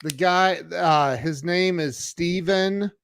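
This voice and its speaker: A man's voice: high voice, takes it slowly, a bit bright, clean tone. A man hosting a podcast, chatting casually with enthusiastic reactions. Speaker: podcast host. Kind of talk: casual conversation.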